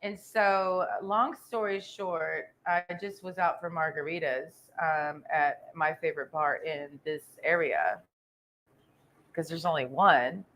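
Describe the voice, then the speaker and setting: A woman's voice: low-pitched, steady tone, slow, fairly bright tone. A woman from Texas ranting in a crude, confrontational vlog monologue, swearing constantly and rambling with trailing "and"s. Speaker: vlogger.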